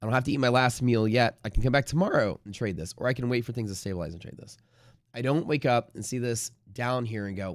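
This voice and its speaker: A man hosting a live day-trading stream, rambling casually with lots of swearing and sudden loud bursts of mock trader shouting. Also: mid-range voice, fast talker, no echo.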